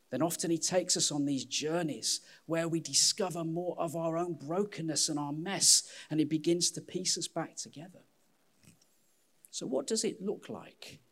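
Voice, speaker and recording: A man preaching a sermon as pastor, candid and self-deprecating, with an animated delivery. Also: a little high.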